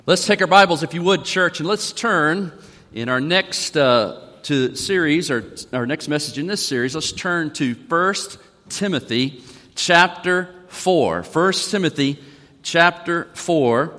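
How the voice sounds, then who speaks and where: A man's voice: on the high side, animated, a little slow, pushed and bright. A man preaching a sermon to a church congregation, folksy and conversational. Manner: folksy, conversational, reads song lyrics aloud. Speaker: pastor. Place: church sanctuary. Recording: long reverb of a church hall.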